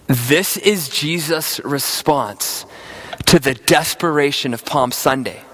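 A man with a high voice preaches an earnest sermon. He reads scripture aloud, then talks directly to viewers at home, often stumbling and restarting a phrase as he works through the idea. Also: a bit bright, rough recording. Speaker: pastor.

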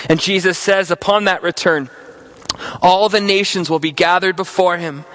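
A man with a high voice preaches an earnest sermon. He reads scripture aloud, then talks directly to viewers at home, often stumbling and restarting a phrase as he works through the idea. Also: a little slow, long pauses, a bit bright, rough recording. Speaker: pastor.

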